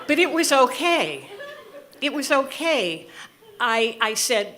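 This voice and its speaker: A woman in her sixties from the US Midwest, telling a comic personal story with animated delivery and careful enunciation. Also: high-pitched, slow. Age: 60s. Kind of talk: live storytelling.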